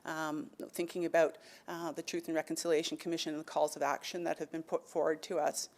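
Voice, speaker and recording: A woman's voice: deep voice, flat delivery, a little fast, a little mellow. A woman speaker on an education panel, telling a traditional story with animation, then talking thoughtfully with many fillers. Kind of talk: oral storytelling and panel talk.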